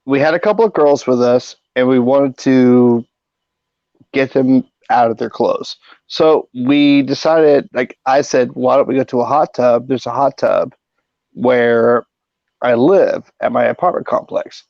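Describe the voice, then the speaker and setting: A middle-aged podcast host tells rambling, profane anecdotes in a casual storytelling style. His mid-range voice is creaky and darkish, and he takes it slowly. The audio has no echo but sounds dull and lo-fi.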